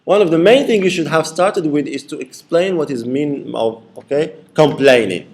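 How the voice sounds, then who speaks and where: A man's voice: a little high, normal speed, darkish tone. A man giving a classroom lecture, repeating his points and checking in with the class by asking "okay?". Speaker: university lecturer.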